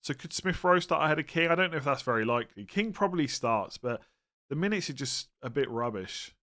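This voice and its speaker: A man's voice: medium pitch, lively intonation, a little fast, sharp tone. Tired, rambling man on a stream. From England. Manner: chatty, rambling, self-interrupting, tired and yawning. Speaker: host answering viewer questions. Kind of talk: casual live-stream Q&A.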